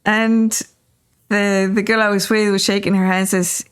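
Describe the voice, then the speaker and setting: A woman's voice: mid-range voice, moderate pace, clear, resonant tone. Middle-aged woman, podcast host, casual storytelling, rambling with fillers, talking in a car. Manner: relaxed, rambling anecdotes with many fillers. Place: in a car while driving.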